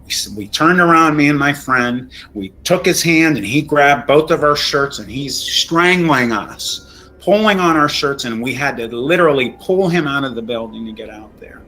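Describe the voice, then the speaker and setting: A man's voice: mid-range voice, expressive, pushed and bright, rough recording. Shaken middle-aged man recounting a scare. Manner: emotional, halting, many restarts. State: shaken, near tears. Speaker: storytelling guest. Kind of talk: recounting a true scary story.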